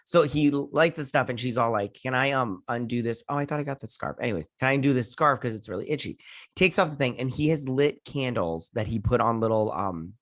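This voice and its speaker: A man talks through an episode recap in a loose, rambling way, jumping into characters' voices for quick quotes and tossing in the odd swear word. His voice sits in a middle pitch, and the recording is dry and close with no room sound. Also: no room sound. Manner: swears casually. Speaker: host. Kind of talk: casual recap and review.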